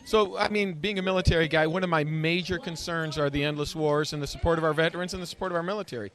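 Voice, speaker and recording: A man making a firm, assertive campaign pitch in an interview at an evening gala. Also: fairly even intonation, fast talker, fairly bright tone. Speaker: political candidate.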